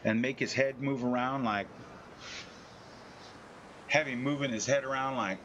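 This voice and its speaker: A man's voice: mid-range voice, unhurried, fairly bright tone, a little hiss or hum. A man chatting casually on a live game stream, telling profane, boastful stories.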